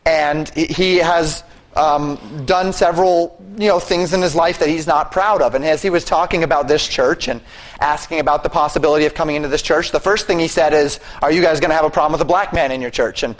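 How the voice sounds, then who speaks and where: A man's voice: on the high side, steady tone, brisk, rough recording. A man preaching a sermon as pastor, earnest and exhorting, often dropping his voice for emphasis.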